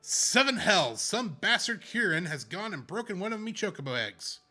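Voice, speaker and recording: A man's voice: high-pitched, very animated, normal speed, sharp tone, faint music behind, voice pushed up, full character voice. A man voicing a distraught female chocobo wrangler from a game, in a put-on Irish accent, stumbling over the lines. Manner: brogue-heavy, flustered, stumbles over lines.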